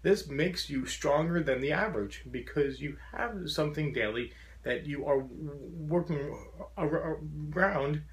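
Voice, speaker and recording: A man with a fairly high voice gives a motivational talk to a support group, unhurried and with few pauses. Though a profound stutter makes him repeat sounds and stall on words, he carries on earnestly and encouragingly.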